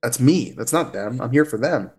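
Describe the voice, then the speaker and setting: A man speaking as a therapist guest in a casual podcast interview, talkative and animated, with frequent fillers and restarts. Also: medium pitch, normal speed, breathy edge. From United States.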